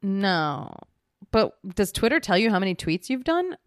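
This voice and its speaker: A woman in her thirties co-hosting a podcast in casual chat, animated, laughing a lot and swearing freely. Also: mid-range voice, a little slow, dry recording. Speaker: podcast co-host.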